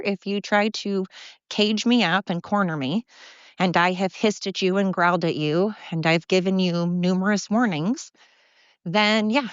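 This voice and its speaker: A woman's voice: lowish voice, a little slow, smooth, dry recording, highs cut off. A breathless woman rambling bluntly into her phone as she walks outdoors with her dogs, swearing freely and drifting between topics. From Oregon, USA. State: out of breath from walking. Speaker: podcast host. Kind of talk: rambling walk-and-talk monologue. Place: outdoors by a river, walking dogs. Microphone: phone held while walking.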